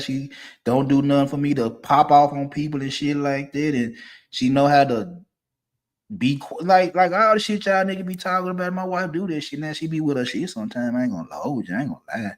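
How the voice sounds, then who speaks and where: A man, ranting casually and profanely, swinging from low mutters to loud, emphatic bursts. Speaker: streamer giving opinions.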